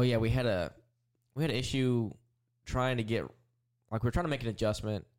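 A man's voice: on the low side, a little mellow, smooth. A man co-hosting a podcast as a race car driver, telling rambling stories in a laid-back, casual way full of fillers. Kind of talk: casual chat.

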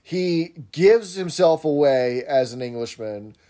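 A man's voice: fairly high pitch, lively intonation, slow, dark tone. A man co-hosting a podcast, chatting in detail as he recaps a sitcom episode. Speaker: podcast co-host.

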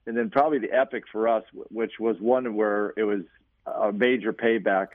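A man's voice: on the low side, fairly even intonation, moderate pace, dry recording. A man, a golf coach, chatting casually with a teasing, encouraging manner. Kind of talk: casual chat. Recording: phone-like narrow sound.

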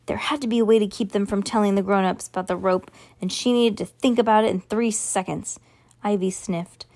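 A woman's voice: medium pitch, steady tone, a little fast, a little mellow. Woman reading a children's book aloud. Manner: slips and corrects words as she reads. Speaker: reader.

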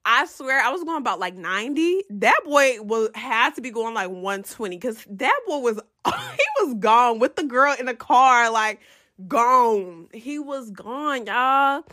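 A woman's voice: on the high side, unhurried. A young woman casually telling a profane storytime straight to her viewers. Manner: animated, profane, addresses viewers as y'all.

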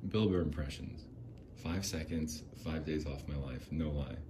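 A man's voice: extremely low pitch, unhurried, noisy background. A young man hosting a solo podcast, rambling in a jokey, self-deprecating way. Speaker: podcast host.

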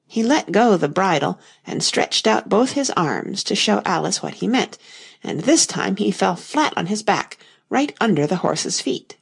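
A woman narrating a storybook as an audiobook reader, steady and unhurried. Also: medium pitch, gravelly, breathy edge. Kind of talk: scripted narration.

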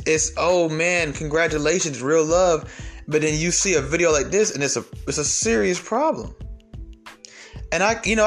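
A man's voice: on the high side, fairly bright tone. Blunt ranting man, faint music behind. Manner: blunt, confrontational, profane, rambling with restarts. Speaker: commentary vlogger. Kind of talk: ranting commentary to camera.

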